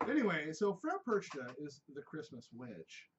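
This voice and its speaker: A man's voice: fairly high pitch, huge pitch swings, normal speed, noisy background. A man hosting a podcast in casual chat, joking, swearing, and drifting off topic. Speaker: podcast host. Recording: dull lo-fi podcast audio.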